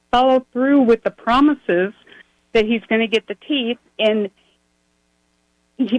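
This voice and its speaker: A woman's voice: a little high, no echo, low-quality recording. A woman calling a radio show, upset and pleading as she tells about her son. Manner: upset, pleading, run-on telling. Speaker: caller. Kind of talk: phone call to a radio show.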